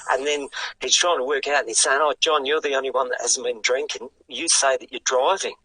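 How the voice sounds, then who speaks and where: An older man with an Australian accent, a guest telling a story in a lively, casual way and swearing freely. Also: medium pitch, brisk, breathy edge, no room sound, poor audio. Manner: animated yarn-spinning with casual swearing. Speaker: guest, retired sidecarcross racer.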